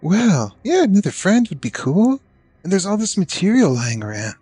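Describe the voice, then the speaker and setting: A laid-back hippie druid lumpen, a small stitched creature, drawls in a tabletop role-playing game, as a man puts on the voice. His speech swings up and down in a lilting, sing-song way. The voice sits fairly high, and the sound is close and dry. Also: wildly swooping pitch, normal speed, mellow, breathy edge, dry recording, exaggerated voice. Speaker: player. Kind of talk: tabletop role-play in character.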